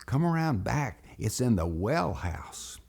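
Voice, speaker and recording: A man's voice: medium pitch, big pitch swings, slow, vocal fry, a little mellow, heavily acted. A man voicing a mischievous neighbor boy who coaxes two kids into a trap. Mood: coaxing. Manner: coaxing, teasing.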